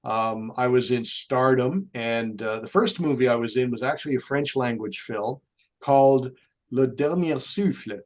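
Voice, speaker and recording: A man, speaking as a guest on an interview show. He tells lively stories at a mid-range pitch. He slips into voices whenever he quotes someone. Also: moderate pace. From Canada. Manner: animated raconteur, slips into voices when he quotes people. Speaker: guest actor. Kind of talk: anecdotal storytelling in an interview.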